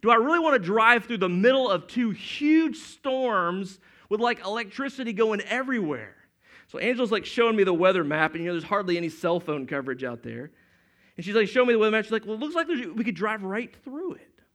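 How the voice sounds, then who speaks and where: A man's voice: sits high, expressive, fairly quick, a bit bright. A middle-aged man preaching a sermon as pastor, in a conversational, storytelling way that acts out quotes.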